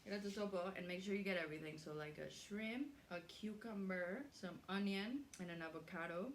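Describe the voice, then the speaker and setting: A woman's voice: fairly low pitch, normal speed, a little hiss or hum. A young woman hosting a casual cooking vlog in her home kitchen, chatty, swearing freely and laughing easily. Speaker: cooking show host. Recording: roomy kitchen echo.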